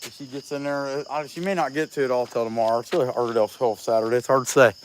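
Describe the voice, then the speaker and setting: Here a Southeast Ohio man with a country, Appalachian-leaning accent livestreams his chainsaw carving outside at a rural spot, folksy and joking as he reads viewers' names, a bit winded. He speaks fast at medium pitch with fairly even intonation, against background noise.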